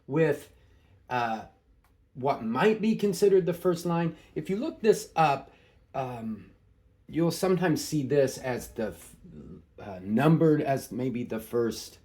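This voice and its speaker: Casual male tutor, talks it through with fillers and chuckles, lively intonation. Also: medium pitch. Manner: casual, thinking aloud with many fillers and small laughs. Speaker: Greek tutor. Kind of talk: informal screen-share lesson.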